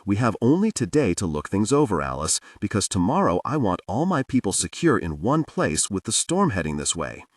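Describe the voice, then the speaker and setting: A man's voice: lowish voice, sing-song, fairly quick, hardly any pauses, husky, dry recording, clean studio sound, distant mic. A man reading a weary agency director. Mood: worried.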